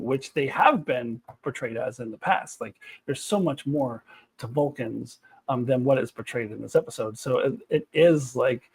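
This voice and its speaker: Animated woman ranting in a review. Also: very deep voice, breathy edge. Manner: animated, exasperated ranting with frequent laughter and swearing. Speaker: TV episode reviewer. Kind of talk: unscripted review rant to camera.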